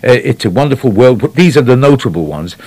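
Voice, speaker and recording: A man's voice: mid-range voice, big pitch swings, fast, a little mellow, husky, no echo. A man chatting casually on the radio, telling rambling anecdotes that trail off. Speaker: radio guest on classic actors.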